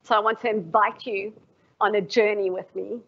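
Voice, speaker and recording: A woman's voice: medium pitch, steady tone, normal speed. A woman professor giving a formal lecture, reflective and asking the audience questions. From South Africa. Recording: dull lo-fi livestream audio.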